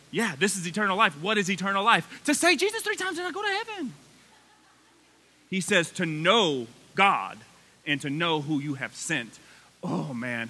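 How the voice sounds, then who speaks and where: A man in his thirties preaching a sermon in a church sanctuary, folksy and animated, his excitement building as he talks. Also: a little high, husky. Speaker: pastor.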